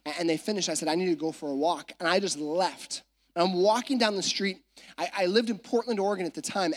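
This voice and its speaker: A pastor preaching a sermon from a church stage, talking in a chatty storytelling way with frequent asides to the audience. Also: medium pitch.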